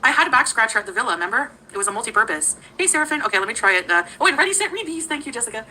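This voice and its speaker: A woman's voice: a little high, big pitch swings, racing, bright, forceful tone, a little hiss or hum, low-quality recording. A woman talking casually on a livestream, greeting viewers by name and giggling often.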